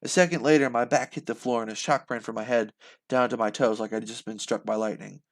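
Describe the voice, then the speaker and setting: A man reading a novel aloud live for the first time, expressive, with slips and restarts. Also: mid-range voice, fairly quick, gravelly. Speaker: channel host reading aloud.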